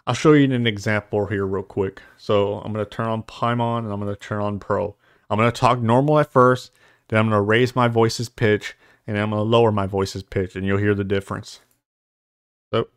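A man's voice: lowish voice, steady tone, normal speed, clean tone, no echo, clean studio sound. A young man casually explaining voice-changer settings in a rambling tutorial, swearing now and then. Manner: rambling, casual, curses lightly. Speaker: host. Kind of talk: software tutorial. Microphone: studio mic with noise suppression.

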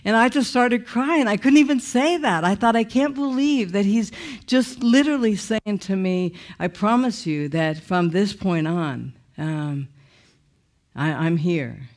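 A middle-aged woman giving a testimony sermon with animated storytelling. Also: mid-range voice, a little slow. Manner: animated storytelling, laughing through the telling. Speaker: speaker sharing her testimony.

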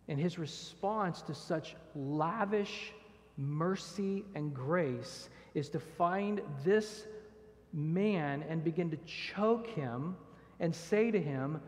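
A pastor preaches a verse-by-verse sermon in earnest, posing rhetorical questions and reading scripture aloud. His voice is a little high and a little mellow. Long church reverb fills the recording.

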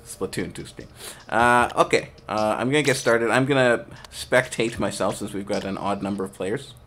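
A man casually hosting a game stream, reading chat aloud, trailing off and restarting, with bursts of excited play-by-play. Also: fairly low pitch, normal speed, slight background noise. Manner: excited play-by-play shouting during action. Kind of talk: casual live-stream commentary.

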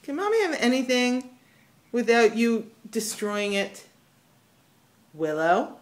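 A woman's voice: fairly high pitch, expressive, measured pace. A woman filming her pet squirrel, talking to it in playful scolding baby talk. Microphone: handheld camera.

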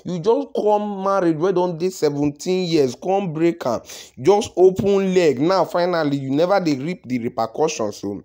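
A man with a Nigerian accent runs through celebrity gossip for his viewers in a lively, repetitive way. His voice sits a little high for a man. He keeps turning back to his audience as he talks. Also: normal speed. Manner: animated, repetitive, addresses viewers as "my country people". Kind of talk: gossip commentary in Pidgin.

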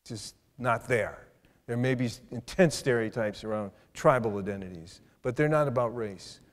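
A man's voice: medium pitch, normal speed. Older man lecturing in a hall. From South Side of Chicago. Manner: thoughtful, with frequent restarts and hesitations. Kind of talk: university lecture.

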